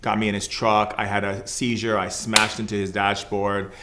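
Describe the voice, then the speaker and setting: A man's voice: on the low side, little pitch movement, moderate pace, very noisy. A man, a podcast guest who works as a shaman, telling a personal story in casual conversation, loose and earnest, filled with "like" and "you know".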